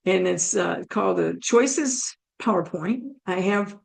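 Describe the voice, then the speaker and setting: A woman's voice: on the low side, unhurried, gravelly, few pauses. A woman telling a personal story in a chatty, self-amused way as a guest in a conversation.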